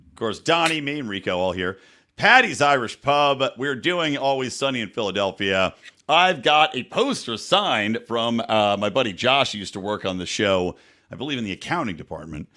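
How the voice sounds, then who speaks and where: A man hosting a podcast, telling crude, animated stories in casual banter with friends. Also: medium pitch. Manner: animated storyteller, jokey and crude. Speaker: podcast host.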